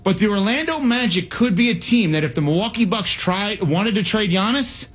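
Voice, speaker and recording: A male sports radio host talks fast and animated, slipping into quoted asides. He sounds out of breath. His voice sits high for a man and has a husky, breathy edge.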